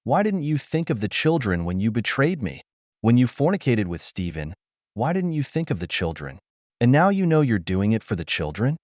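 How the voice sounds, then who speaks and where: A man reading as a betrayed husband who speaks calmly, coldly and with sarcasm in an audio story. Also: medium pitch, normal speed, no echo, clean studio sound, lightly acted. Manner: calm, cold, sarcastic. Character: cold, betrayed middle-aged husband.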